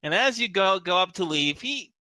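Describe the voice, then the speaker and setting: A man narrating as game master in a casual tabletop session, animated and often laughing. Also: sits high, moderate pace, no room sound. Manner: animated, laughing, loose with fillers.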